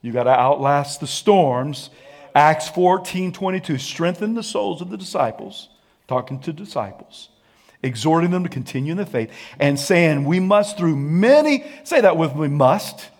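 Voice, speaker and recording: High-voiced preacher swinging soft to loud. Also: male voice, lively intonation, normal speed. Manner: preaching with call-and-response, swinging from hushed to shouting; sings and hums snatches of a song. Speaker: pastor. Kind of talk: sermon.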